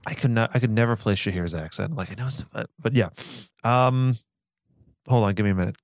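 A man's voice: fairly low pitch, brisk, no room sound. A man chatting as a podcast guest, stammering through points with dry jokes, sounding a little under the weather. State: recovering from illness. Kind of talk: casual podcast chat.

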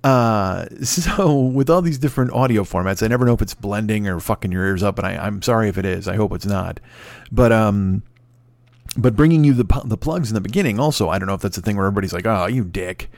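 Low-voiced guy rambling solo on his podcast, swears a lot, dry close mic. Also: lively intonation, vocal fry, darkish tone, no echo. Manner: rambling, profane, fast-talking and self-amused. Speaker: podcast host. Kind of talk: solo casual monologue. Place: home recording setup.

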